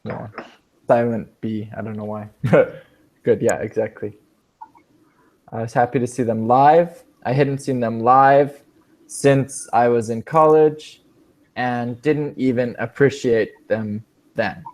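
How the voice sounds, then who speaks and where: A man's voice: medium pitch, steady tone, slow, darkish tone. A man teaching an English speaking class, explaining expressions patiently and rephrasing them several times.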